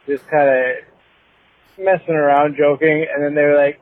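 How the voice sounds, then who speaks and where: A man's voice: fairly high pitch, level tone, normal speed, no echo. Man rambling on a tinny voicemail. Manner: meandering, with many fillers and restarts. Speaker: voicemail caller. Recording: tinny phone-line voicemail.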